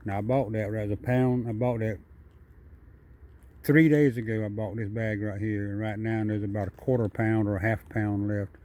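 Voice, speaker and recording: Filming with a handheld camera outside at night, a man who makes wildlife videos chats to the animal in front of him, repeating himself casually. His voice is lowish and dark, with little pitch movement and a moderate pace.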